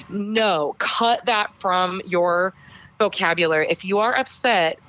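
A woman, a speech professor and voice coach, giving deliberate and emphatic advice as a podcast guest. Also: mid-range voice, fairly bright tone, muffled recording.

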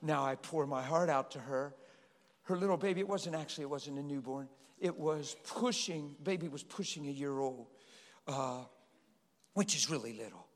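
In a church hall full of long reverb, a middle-aged pastor gives a sermon at normal speed with a fairly high voice. He tells stories and pleads with the congregation, animated throughout.

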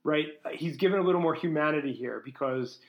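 Higher-voiced man in a roomy room. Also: brisk, dull audio. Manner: conversational, agreeable, reasons things out aloud. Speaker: podcast co-host. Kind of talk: casual book discussion. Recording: roomy echo.

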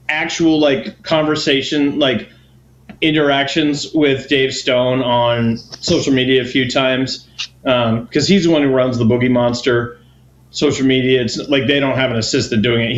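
A man's voice: medium pitch, fairly even intonation, a little slow, a little hiss or hum. Easygoing man on a roomy, dull recording. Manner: easygoing, agreeable, many short backchannels. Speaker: podcast co-host. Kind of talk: casual chat.

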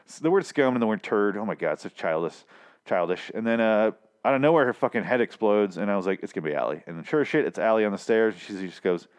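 A man's voice: on the low side, a little fast, smooth. A young man casually recapping a TV episode, swearing freely and acting out the characters' lines. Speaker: TV recap vlogger.

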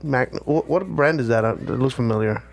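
A man's voice: mid-range voice, fairly quick, gravelly, soft background music. A man co-hosting a podcast in crude casual chat, swearing freely and often breaking into laughter. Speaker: podcast co-host.

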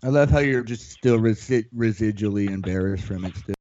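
A man's voice: fairly low pitch, a little fast, warm tone, no echo, highs cut off. A man co-hosting a podcast in easygoing casual chat, laughing along.

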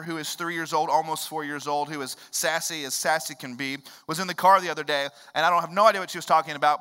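Male pastor preaching, bright forceful tone, long hall reverb, loud bursts then hushed lines. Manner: animated, swings from loud emphatic bursts to low hushed lines. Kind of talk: sermon. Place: church sanctuary.

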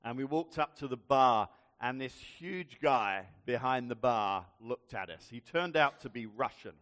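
A man giving a sermon, telling a story with measured, dry humour. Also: mid-range voice, expressive, fairly bright tone. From England. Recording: long reverb hall.

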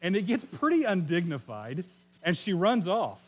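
A middle-aged man from Oklahoma preaching a sermon in a relaxed, conversational storytelling way, joking and correcting himself as he goes. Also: high-pitched, moderate pace. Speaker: pastor.

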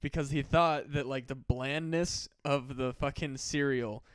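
A mid-pitched man with a smooth voice swaps stories on a comedy podcast, swearing freely and getting animated. His voice sits close and dry on the mic. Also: measured pace, no room sound. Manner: profane, animated storyteller. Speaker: podcast co-host. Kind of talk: casual comedy chat.

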